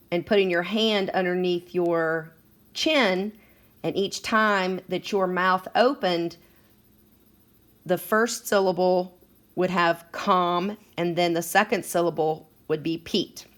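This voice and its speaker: A woman's voice: lowish voice, steady tone, takes it slowly. A woman teaching a second grade phonics lesson, patient and encouraging as she sounds out words for children.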